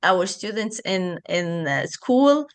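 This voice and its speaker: Lady tutor on a video call, slow and patient, repeats stuff over and over. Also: medium pitch, animated, clean tone. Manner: slow, encouraging, repeats phrases. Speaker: French tutor. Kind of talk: online group class.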